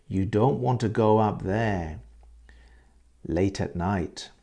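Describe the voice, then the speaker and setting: A matter-of-fact mother giving careful directions, as a man quotes her in his own low voice. The pace is slow, the tone dark and gravelly. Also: exaggerated voice. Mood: helpful.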